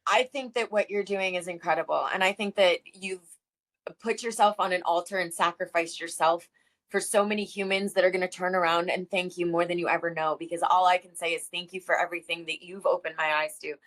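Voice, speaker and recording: A woman's voice: on the low side, steady tone, fairly quick, a bit bright. A woman guest in a casual conversation, speaking earnestly and openly about her feelings. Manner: earnest, open and emotional.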